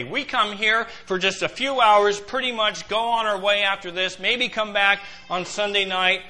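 Male preacher, high voice, emphatic sermon delivery, repeats himself for stress. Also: pushed and bright, poor audio. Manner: emphatic, asks the congregation direct questions; repeats words when pressing a point.

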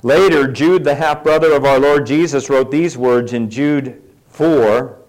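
In a rough recording, a middle-aged pastor delivers a conversational sermon, asking the congregation questions and tossing in light asides. His voice is medium-pitched, somewhat dark in tone, and unhurried.

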